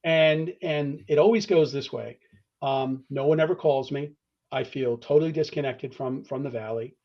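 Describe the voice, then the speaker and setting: A guest discussing fraternity membership gives conversational interview answers in a mid-range voice at a moderate pace. He's earnest, restarts often, tags points with "all right?", and acts out phone calls in quotes. The sound is lo-fi.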